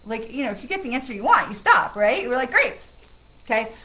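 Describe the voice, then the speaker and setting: A woman's voice: fairly high pitch, quick pace, a little hiss or hum, low-quality recording. A woman psychic medium doing a live card reading, chatting in a reassuring way and often checking in with "okay?" and "right?". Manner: bursts into loud excited laughter when greeting friends. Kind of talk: live-stream card reading, casual chat.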